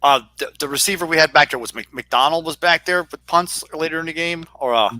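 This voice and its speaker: A man's voice: fairly high pitch, a little fast, sharp tone, no echo. A man co-hosting a live-stream sports talk show, rambling and joking as he hunts for words. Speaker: co-host.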